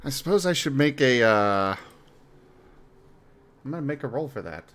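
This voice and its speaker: A man at a tabletop game talking at an ordinary middle pitch. He hesitates and thinks aloud as he works through his rolls. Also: animated, normal speed, a bit bright, soft background music. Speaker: player. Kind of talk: tabletop role-play.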